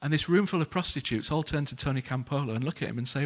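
A man preaches a sermon through a story, his voice slightly husky. He is a lively storyteller who acts out the characters' lines. His pitch sits in the middle range for a man. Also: fast.

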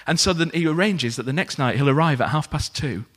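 A man preaching a sermon, telling a story in a lively way and acting out the characters' lines. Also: fairly high pitch, fairly quick.

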